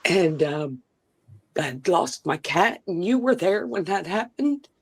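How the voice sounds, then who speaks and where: A woman's voice: fairly low pitch, lively intonation, unhurried, slightly rough. A tired woman, talking earnestly and apologetically as a guest on a live stream. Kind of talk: emotional live-stream talk.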